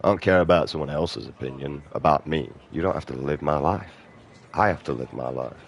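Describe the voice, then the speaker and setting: A man's voice: very deep voice, fairly quick, creaky. A British man in his thirties ranting profanely as he comments over his gameplay. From Britain. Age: 30s. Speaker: gaming streamer.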